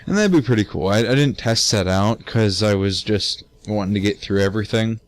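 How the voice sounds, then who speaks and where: A man's voice: lowish voice, fairly quick. A teenage man giving casual gameplay commentary, tired, rambling with many fillers and restarts and casual swearing. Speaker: let's play gamer.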